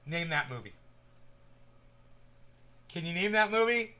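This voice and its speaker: A man chatting casually to viewers at home, rambling and swearing, jumping from loud bursts to mumbling. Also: sits high, big pitch swings, moderate pace, long pauses. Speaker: cannabis vlogger. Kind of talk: casual stoned chat to viewers.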